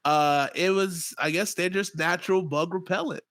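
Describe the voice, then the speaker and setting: A man's voice: high-pitched, moderate pace, fairly bright tone. A young man co-hosting a podcast, talking in a slangy, laughing, storytelling way. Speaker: podcast co-host. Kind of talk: casual chat.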